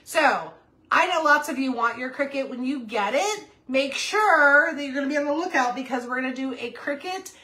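Chatty and upbeat, a fifty-something woman runs a relaxed crafting livestream, reading viewer comments out loud and talking to her puppy. She has a high, pushed, bright voice with lively intonation and a normal pace.

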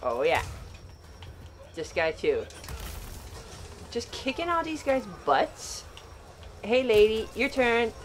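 A woman with a high voice that leaps all over the place, reacting to a game she is playing for the first time. She talks at an unhurried pace between bursts of panic and laughter. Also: slight background noise. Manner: excitable, panicky, laughing often. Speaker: gaming channel host. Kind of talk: first-time let's play commentary.

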